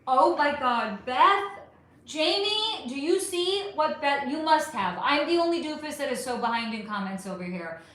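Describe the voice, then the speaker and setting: A woman's voice: high-pitched, animated, moderate pace, a bit bright, reverberant. A middle-aged woman hosting a casual livestream, reading viewer comments aloud, chatty and affectionate, calling people honey and swearing freely. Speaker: livestream host.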